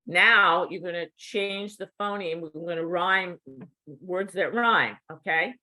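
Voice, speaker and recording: A woman's voice: lowish voice, sharp tone. A middle-aged woman teaching cued speech, speaking patiently and checking in with the learner often. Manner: slow, patient, checks in with "okay?". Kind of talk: instructional demonstration.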